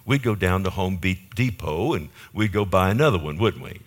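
A man's voice: low voice, animated, moderate pace. A male pastor preaching a conversational sermon to his church, asking the congregation rhetorical questions.

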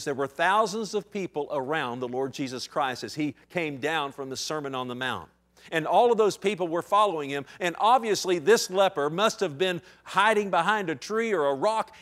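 A man preaching a sermon, dramatic, swinging from loud outcries to hushed, slow passages. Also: sits high.

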